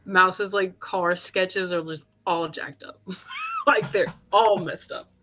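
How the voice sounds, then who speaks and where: A woman's voice: fairly low pitch, fairly even intonation, slow pace, sharp tone, soft background music. Chatty woman player on a dull mic. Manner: chatty, lots of filler "like". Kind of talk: casual tabletop game play.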